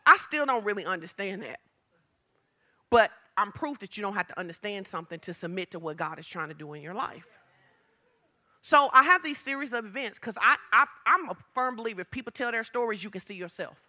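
A woman pastor preaching a sermon, telling stories and acting out quotes with big jumps in her voice. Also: a little fast. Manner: animated storytelling, acts out quotes with big pitch jumps.

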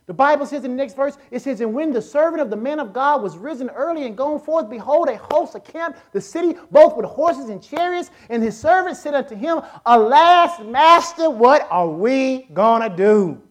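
Southern lady preaching a sermon, high voice, gets loud and acts out the bible stories. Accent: Southern American. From American South. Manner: animated, acts out Bible characters, shouts at peaks.

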